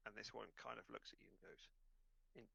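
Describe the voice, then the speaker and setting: A man's voice: on the low side, level tone, brisk, gravelly, pushed and bright, breathy edge, no echo, low-quality recording. A man running a tabletop game as game master, narrating hesitantly with many fillers and restarts.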